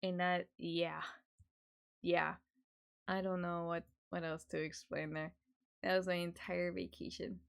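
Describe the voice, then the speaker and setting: A woman's voice: fairly low pitch, flat delivery, a little slow, creaky, long pauses, smooth. A young woman streamer chatting casually at home, swearing a lot and laughing often. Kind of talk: casual chat.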